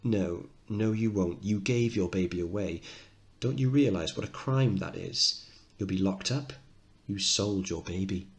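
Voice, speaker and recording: A man voicing a cold, threatening wealthy mother in a low, controlled voice, reading the play aloud. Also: unhurried. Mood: harsh.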